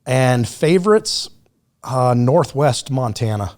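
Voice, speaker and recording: A man's voice: medium pitch, animated, slow, a little mellow. Blunt, profane man telling stories. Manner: blunt, profane, laid-back storyteller. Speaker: podcast guest. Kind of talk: casual storytelling chat.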